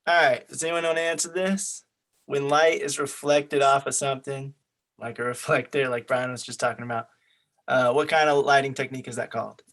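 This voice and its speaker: A young man leads a study group over a video call and asks them quiz questions. His voice is mid-pitched, and he sounds encouraging and plain. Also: steady tone, a little fast, fairly bright tone. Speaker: meeting leader.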